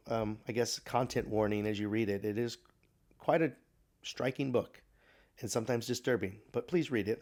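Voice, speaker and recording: A man at a middle pitch delivers a recorded Bible class lecture. He speaks in a thoughtful, halting way, pausing and restarting his sentences as he goes. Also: darkish tone.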